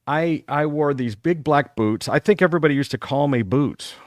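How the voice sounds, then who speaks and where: A Texas man in his fifties hosts a live talk show, animatedly reminiscing about school days to a caller. His voice is fairly high at a normal speed, with no echo.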